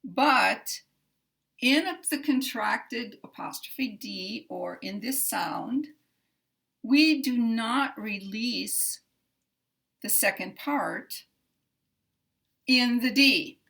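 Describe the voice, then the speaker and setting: Woman pronunciation teacher, super slow and careful, says examples twice. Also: a little high, creaky, a bit bright. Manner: careful, measured explanation with repeated example sentences. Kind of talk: slow, deliberate pronunciation lesson.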